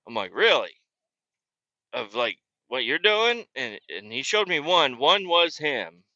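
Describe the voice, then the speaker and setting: A man's voice: medium pitch, big pitch swings, measured pace, sharp tone, no room sound, lo-fi sound. A man chatting casually while driving, telling stories in a profane, laid-back way. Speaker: vlogger and truck driver.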